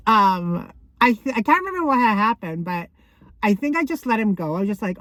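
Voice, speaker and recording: A woman's voice: medium pitch, lively intonation, normal speed, long pauses, no room sound. Woman vlogging, chatty and rambly, keeps correcting herself, laughs a lot. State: out of breath. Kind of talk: casual chatty storytelling.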